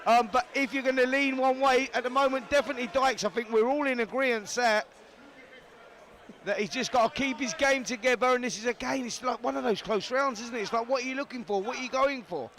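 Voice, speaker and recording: A man's voice: very high-pitched, a little fast, fairly bright tone, slight background noise. A man with a Cockney accent giving live boxing commentary in a chatty, bantering way.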